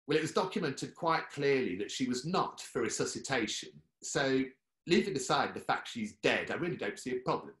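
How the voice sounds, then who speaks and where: A man's voice: medium pitch, animated, fairly quick, a bit bright, natural voice. A man doing a callous female ward manager. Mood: dismissive. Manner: curt, dismissive. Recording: echoey room.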